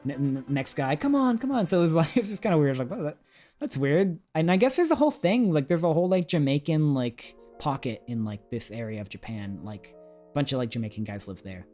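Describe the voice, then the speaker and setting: A man's voice: mid-range voice, lively intonation, fairly quick, mellow. Rambling man telling a casual story. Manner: rambling, fillers, frequent "like", chuckles. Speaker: streamer. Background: faint music.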